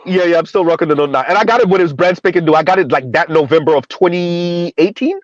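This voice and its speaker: A man hosting a live stream in casual chat, rambling and repeating himself with quick asides. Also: sits high, dry recording. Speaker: streamer host. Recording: dull lo-fi stream audio.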